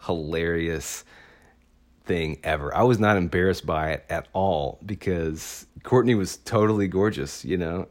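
A man with a very low, deep voice tells a personal story in a loose, chatty way. He gushes with enthusiasm and leans on casual filler words as he goes. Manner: enthusiastic, chatty, full of "like" and "awesome".

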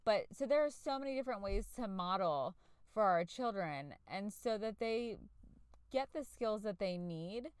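Woman podcast host, forties, chatty and earnest, smooth voice, dry close-mic sound. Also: mid-range voice, expressive, moderate pace, dry recording. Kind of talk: casual solo podcast talk.

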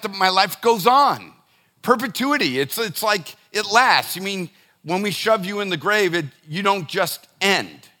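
A middle-aged pastor with a high-pitched, sharp voice preaches to his congregation in a loose, conversational style. He restarts often and makes direct asides.

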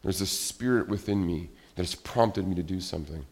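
A middle-aged man preaching a sermon in a conversational, animated way, acting out little everyday scenes. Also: sits low, brisk, gravelly. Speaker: pastor.

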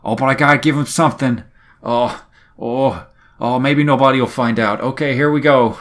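A man voicing a nervous, lowly young male pirate swabby who rambles in a flustered way. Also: fairly even intonation, moderate pace, a bit bright, close to an everyday voice.

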